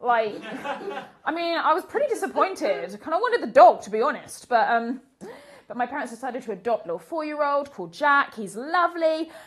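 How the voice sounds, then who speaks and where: A young woman from the UK telling comic stories as a guest, animated and laughing often through her lines. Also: high-pitched, brisk. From United Kingdom. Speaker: comedian guest. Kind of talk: comic storytelling and chat.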